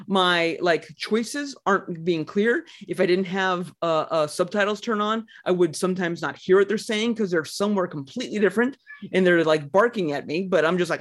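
A man co-hosting a casual podcast, rambling and animated, laughing and swearing as he reviews games. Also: high voice, moderate pace. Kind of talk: casual chat.

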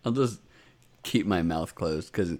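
A man with a low, slightly slow voice co-hosts a casual podcast, recapping anime episodes. He's animated and swears, acting out characters' lines in raised voices.

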